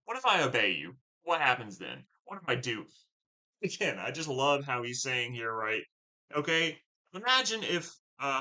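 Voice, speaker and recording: A man's voice: mid-range voice, pushed and bright, poor audio. A man teaching a play, reading passages aloud and explaining them casually with lots of fillers and "right?".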